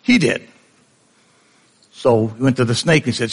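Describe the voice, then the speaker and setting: A man's voice: medium pitch, brisk, pauses often, breathy edge. A male preacher giving a conversational sermon, often asking the congregation questions.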